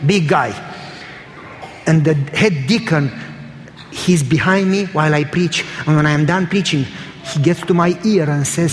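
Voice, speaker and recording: A male pastor tells a story from the pulpit and builds to emphatic, repetitive peaks. His voice sits high for a man. The church hall gives a long reverb, with faint noise underneath. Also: measured pace, pauses often. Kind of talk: storytelling sermon with closing prayer.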